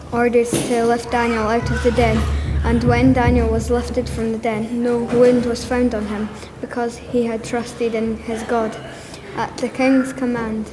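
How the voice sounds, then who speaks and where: A woman reading a Bible passage aloud in church, in a steady reading voice with a few slips. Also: a little high. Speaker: scripture reader. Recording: echoey church with room noise.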